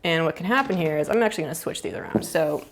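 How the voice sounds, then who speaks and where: Young adult woman, therapist, lowish gravelly voice, casual thoughtful explainer with fillers. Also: expressive, fast talker, a little hiss or hum. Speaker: mind-body therapist. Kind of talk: explaining at a whiteboard.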